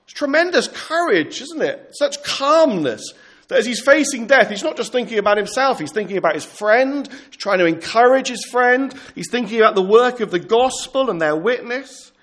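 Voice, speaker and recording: Man, very high voice, earnest sermon, pastoral tone, slows for scripture. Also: lively intonation, fairly bright tone. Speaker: preacher.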